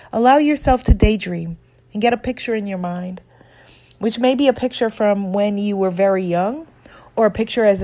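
Low, gravelly woman coaching self-acceptance. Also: a little mellow. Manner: earnest, encouraging, coaching. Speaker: self-help author and manifestation coach. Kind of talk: guided self-help talk.

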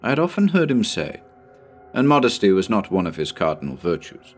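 A man reading a short story aloud in an expressive, measured narration. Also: sits low, faint music behind. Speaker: audiobook narrator.

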